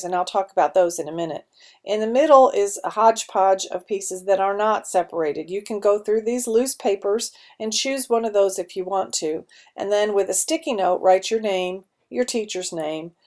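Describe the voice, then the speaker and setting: A woman teacher giving students an instructional talk on contest rules, laying out each judging criterion clearly and step by step. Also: mid-range voice, darkish tone. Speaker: school teacher explaining a speech contest. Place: school media center.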